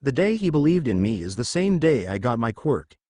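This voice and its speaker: A man's voice: mid-range voice, big pitch swings, normal speed, mellow, dry recording. Guy doing an earnest teen hero boy giving a big heartfelt speech, dry close sound.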